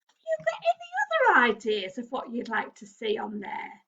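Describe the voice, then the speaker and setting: An English woman with a British accent leads a children's craft session, chatting straight to small children with lots of little exclamations. Her voice is a little high, creaky, fairly bright and breathy-edged, swooping wildly in pitch at a moderate pace. The lo-fi recording sounds dull.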